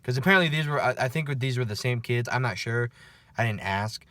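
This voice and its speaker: A man's voice: medium pitch, brisk, pushed and bright, no room sound. Chatty, profane man with a dry voice. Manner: chatty, profane, keeps checking in with "okay?" and "right?". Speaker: night-shift security guard. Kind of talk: casual after-work storytelling vlog.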